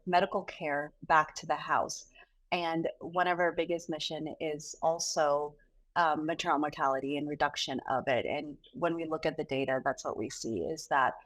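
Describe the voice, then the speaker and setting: A woman's voice: sits low, low-quality recording. A woman neonatologist and mother of four, talking animatedly in a podcast interview and laughing often. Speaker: guest neonatologist. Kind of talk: conversational interview.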